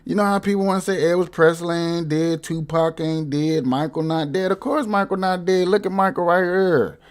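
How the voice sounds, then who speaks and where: A man hosting a casual live stream, addressing viewers directly in a loud, mocking way. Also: fairly high pitch, steady tone, normal speed.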